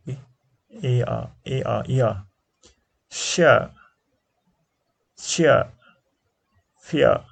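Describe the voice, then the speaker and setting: A man with a Nepali accent teaching an exam-prep English lesson, explaining slowly and repeating each answer, sometimes switching into Nepali. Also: mid-range voice, vocal fry, husky.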